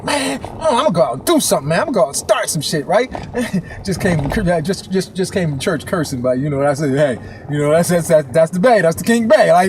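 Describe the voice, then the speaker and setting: A man giving a motivational talk, telling stories loudly with slang, laughing often and acting out other people's lines. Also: sits high, a little hiss or hum. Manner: loud, laughing, street slang, acts out quotes. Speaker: motivational speaker. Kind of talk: animated motivational storytelling.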